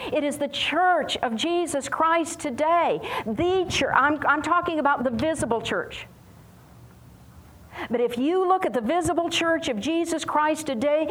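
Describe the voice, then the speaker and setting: A woman's voice: sits high, poor audio. A woman from the United States preaching a sermon as a Bible teacher, impassioned and emphatic, repeating phrases for force.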